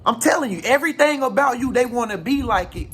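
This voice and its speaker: Man, high husky voice, slangy and emphatic, motivational vlog talk to viewers. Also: animated, fast talker, a bit bright. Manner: slangy, emphatic, rhetorical questions. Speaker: spiritual advice vlogger.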